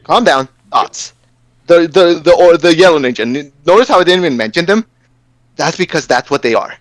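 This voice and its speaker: Fired-up man, fairly high voice, cursing and stammering in a casual rant, dry close sound. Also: moderate pace, no room sound. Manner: profane, animated, stammering.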